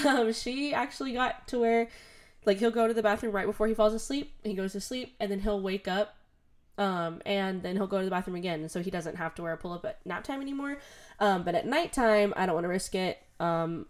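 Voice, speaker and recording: A young woman chats casually as a podcast host, recording at home. She rambles warmly through her thoughts with plenty of "um" and "like" and laughs often. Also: medium pitch. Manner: chatty, many fillers, laughs often.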